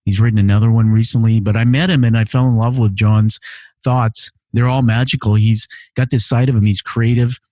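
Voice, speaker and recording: Earnest guy reading listener notes on his podcast, mellow low-key tone, dry close sound. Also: steady tone, a little fast, dry recording. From immigrant to Canada. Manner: earnest, emotional, repeats phrases. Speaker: podcast host. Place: home living room studio.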